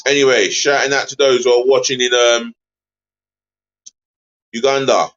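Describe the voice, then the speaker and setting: A man's voice: mid-range voice, level tone, moderate pace. Chatty man on a lo-fi stream. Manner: exasperated, chatty, giving shout-outs. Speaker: live stream host. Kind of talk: live watch-along football commentary.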